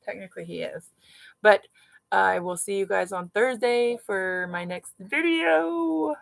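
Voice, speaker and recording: Sorting craft supplies at her dining room table, a mom vlogger hosts a casual livestream, chatty and rambling as she thinks aloud. Her mid-range voice is animated, unhurried and creaky, and the recording is dry and rough.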